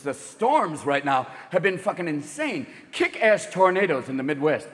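A man doing a stand-up comedy routine on a club stage, talking fast and manic and jumping in and out of character voices. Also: a little high, animated, a little hiss or hum. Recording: echoing venue, loud crowd laughter.

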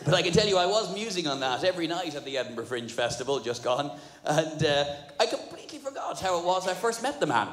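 Guy doing stand-up, swears a lot, kinda high voice, big roomy hall with the crowd right there. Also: fast talker, few pauses. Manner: sweary, animated, laughing at his own jokes. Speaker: stand-up comedian. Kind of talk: stand-up comedy set. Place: live comedy venue. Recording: live venue, roomy hall echo, crowd noise.

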